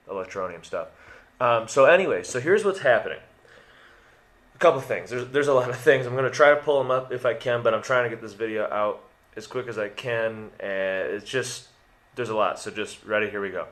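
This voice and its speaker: A young man talks through a hurried update video in a slightly low voice. He rambles, restarts his sentences and drops jokey asides, and he has the hiccups. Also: a bit bright. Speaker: crypto video host. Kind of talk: casual excited update video.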